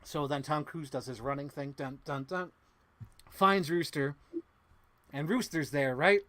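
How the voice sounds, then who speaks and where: A man with a slightly high voice recaps a movie with boyish excitement, cursing freely and humming the music between beats. He sounds close to the mic in a dry, deadened space. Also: a little slow, no echo. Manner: excitable, swears a lot, hums sound effects. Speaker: podcast host. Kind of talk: animated movie recap to a co-host.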